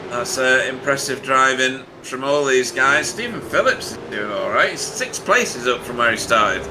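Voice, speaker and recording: A man giving casual, joking sim racing commentary with many filler sounds, relaxed and chatty. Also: mid-range voice, normal speed, noisy background. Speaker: race commentator.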